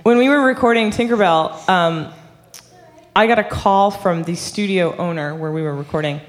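A woman guest singer chatting casually, telling a story with lively energy and frequent laughs. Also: lowish voice, normal speed, in a large hall. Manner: animated storyteller, laughs often. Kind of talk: casual chat.

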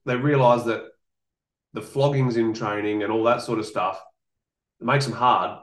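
A man's voice: mid-range voice, normal speed. Blunt man, echoey room. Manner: blunt, animated, swears, repeats himself. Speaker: podcast host, combat sports coach. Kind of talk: casual podcast chat. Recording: roomy echo.

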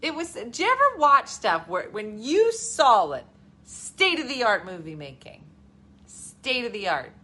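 A woman in her forties chatting casually as co-host, animated and acting out her own reactions. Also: on the high side, measured pace, slightly rough. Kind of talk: casual chat.

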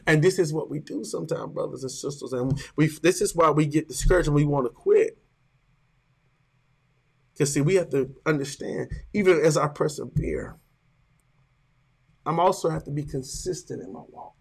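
A man's voice: on the high side, normal speed, vocal fry, long pauses, slightly rough. A pastor preaching a sermon, building emphasis and stretching out his words.

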